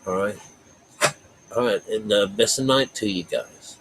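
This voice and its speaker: A man's voice: on the low side, a little slow, slight background noise, rough recording. A man giving a rambling, folksy spiritual talk to his viewers, full of fillers and asides. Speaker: spiritual vlogger.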